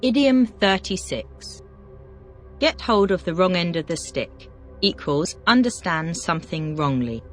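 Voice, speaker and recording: A teacher, sounding animated, reads single vocabulary words and follows them with rapid-fire questions in a scripted question-and-answer language drill. Her pitch sits in the middle range with wide intonation swings, and faint music is audible underneath.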